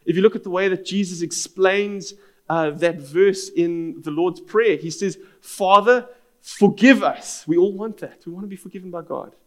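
A man's voice: high-pitched, normal speed, a little mellow. A man, preaching a sermon as pastor in an earnest, storytelling manner.

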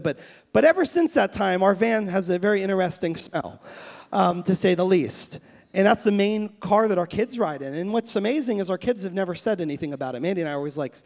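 A man in his thirties preaches a sermon in a notably high voice. He tells stories in a loose, self-interrupting way, often restarting his sentences. He then rises into fervent, emphatic preaching. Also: a little mellow. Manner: anecdotal storytelling with many restarts. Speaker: pastor.

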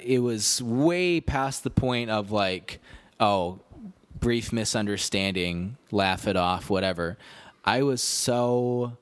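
A podcast host rambles through a casual storytelling monologue, self-deprecating and constantly stopping and restarting sentences. His voice is at an ordinary middle pitch. The recording is dry and close, with no room sound or echo.

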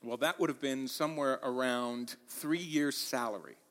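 Animated preaching man, bright voice. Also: mid-range voice, moderate pace, long reverb tail. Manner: animated, acts out quoted lines with rising intensity. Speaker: pastor. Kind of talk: sermon.

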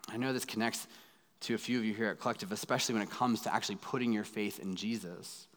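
A man in his thirties, a pastor preaching a sermon in a dramatic way, going from loud pleading to hushed asides. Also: mid-range voice. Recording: long hall reverb.

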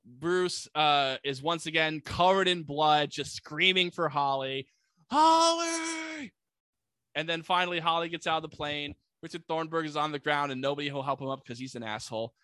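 Bright-voiced man recapping a movie. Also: on the high side, a little fast, few pauses, clean tone, dry recording. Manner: animated retelling, acts out quoted lines. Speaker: podcast co-host. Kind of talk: casual movie recap chat.

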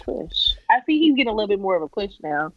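A woman's voice: mid-range voice, big pitch swings, fast talker, no room sound. Stuffed-up nasal woman chatting on a podcast, dry dull mic. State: congested, nasal. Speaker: podcast guest. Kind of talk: casual podcast chat.

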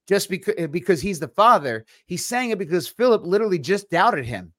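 A man's voice: high-pitched, very animated, moderate pace, a bit bright, no echo. Man explaining scripture, dry close sound. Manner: walks through scripture quoting verse by verse. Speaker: podcast co-host. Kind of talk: casual Bible discussion.

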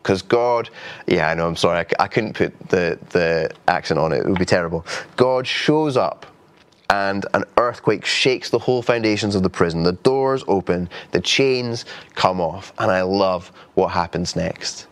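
A man's voice: sits low, moderate pace. A man preaching a sermon in an earnest, conversational way, with frequent restarts. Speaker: pastor.

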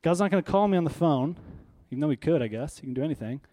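Male pastor, slightly high-pitched voice, conversational emphatic sermon delivery. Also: animated, very fast, dark tone. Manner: conversational, emphatic preaching with rhetorical questions.

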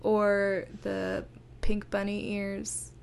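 A woman's voice: mid-range voice, monotone, extremely slow, gravelly, darkish tone, clean tone. A woman co-hosting a podcast, chatting casually and laughing often. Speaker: podcast co-host. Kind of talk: casual chat.

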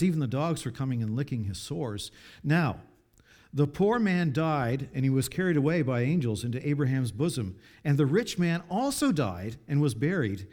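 With a medium-pitched voice, a preacher reads from scripture and comments on it, his delivery shifting dramatically from soft pleas to booming appeals.

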